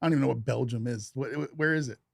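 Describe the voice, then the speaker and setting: A man's voice: medium pitch, rapid-fire, creaky, dry recording, studio quality. A man co-hosting a casual gaming podcast, who teases his partner and plays dumb for laughs. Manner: goofy, teasing, playing dumb. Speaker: podcast co-host. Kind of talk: casual chat.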